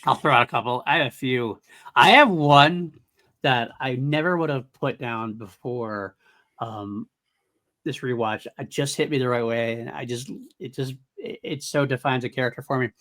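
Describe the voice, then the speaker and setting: A man co-hosting a podcast in a casual chat, animated and laughing often, with frequent restarts. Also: medium pitch, moderate pace. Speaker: podcast co-host.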